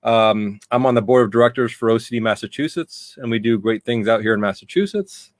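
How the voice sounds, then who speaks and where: A male guest on an online talk show, relaxed and self-deprecating, often stumbling over his words. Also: medium pitch, brisk, no echo, studio quality. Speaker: guest, mental health advocate. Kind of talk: casual interview talk.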